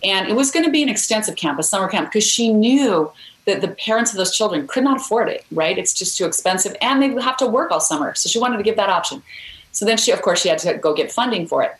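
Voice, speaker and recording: A woman's voice: medium pitch, animated, fast talker, roomy sound, poor audio. A woman guest author telling a story in a podcast interview, earnest and encouraging.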